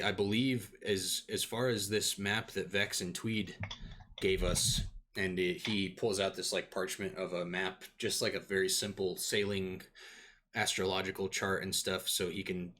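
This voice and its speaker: A man with a low voice running a tabletop role-playing game. He narrates loosely, stopping and restarting with plenty of fillers as he sets the scene. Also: little pitch movement, a little slow, background noise. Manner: loose, filler-heavy, stop-start narration. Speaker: game master.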